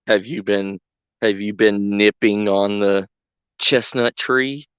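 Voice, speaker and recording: A man's voice: on the low side, steady tone, takes it slowly, a bit bright, smooth, no room sound. Guy streaming a game, goofy giggly banter with chat, kinda muffled dry mic. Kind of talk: casual chat to stream viewers.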